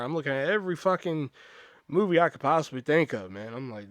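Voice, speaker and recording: A podcast host in his thirties, his voice a little high and fairly quick, tells rambling comedic stories loaded with swearing. He is animated throughout, and the recording has no room sound.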